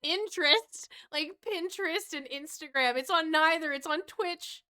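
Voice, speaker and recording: A woman's voice: high voice, normal speed, pushed and bright, slight background noise. A woman in her thirties streaming, chatting casually and joking, often laughing. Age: 30s.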